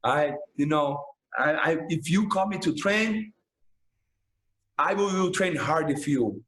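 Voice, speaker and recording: A Brazilian man with a high, lively-sounding voice speaks English as a second language, his phrases breaking and restarting. The room around him is roomy, with a clear echo. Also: slow pace, slight background noise. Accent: Brazilian Portuguese. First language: Portuguese. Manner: broken English, frequent restarts, emphatic "man". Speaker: jiu-jitsu instructor, podcast guest. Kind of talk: casual storytelling chat.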